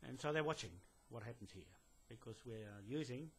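A man with a medium-pitched, a bit bright, slightly rough voice talks a little fast. He is a land claimant giving a direct-to-camera message to a police detective indoors in a building, rambling with fillers and restarts while insisting and lecturing.

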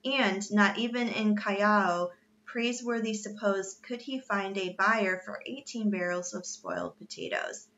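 Bright-voiced woman reading a story aloud. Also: medium pitch, a little slow, dull audio, a little hiss or hum. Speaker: reader.

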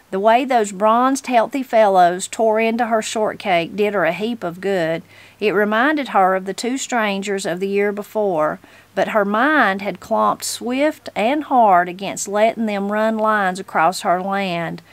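A woman reading a storybook aloud as a channel host, in a steady, unhurried way. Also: mid-range voice, no echo.

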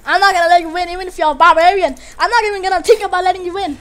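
A woman giving live gameplay commentary, excitable and trash-talking, yelling at opponents and teammates between quieter muttering. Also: extremely high pitch, fast talker, noisy background. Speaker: gamer commentator.

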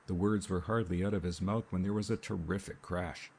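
A man narrating a mystery novel in a measured, steady audiobook reading. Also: low-pitched, gravelly, a little hiss or hum. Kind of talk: scripted narration. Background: rain sounds.

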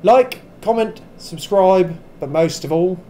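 A tipsy man hosting a VR gameplay video, talking in a put-on wandering British accent, with excitable exclamations and swearing at the game. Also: high voice, takes it slowly, a little hiss or hum. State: tipsy from drinking. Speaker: gaming channel host. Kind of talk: VR gameplay commentary.

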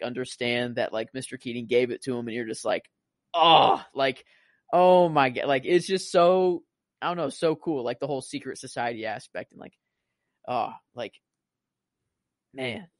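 A man's voice: medium pitch, no room sound, studio quality. A man co-hosting a film podcast, talking casually and rambling with many fillers and restarts. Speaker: podcast co-host.

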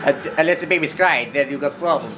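A man's voice: a little high, quick pace, over music. A man casually commentating over gameplay, joking and riffing, sometimes in mock broken English. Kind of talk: casual let's-play commentary.

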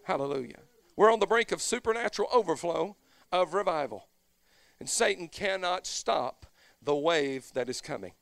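A man preaching a fervent Pentecostal sermon as pastor, swelling from low, conversational stretches into shouted whoops. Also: animated, normal speed, creaky.

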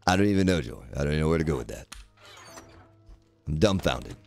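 Lively rambling male game streamer. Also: extremely low pitch, fast, soft background music. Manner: rambling, joking, greets chat viewers by name. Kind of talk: casual live-stream chat while playing.

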